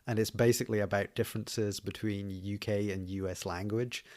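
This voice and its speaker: A man who is an indie software developer, chatting loosely as an interview guest and thinking aloud as he goes. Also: lowish voice, steady tone, moderate pace, no room sound, studio quality. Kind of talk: casual interview chat.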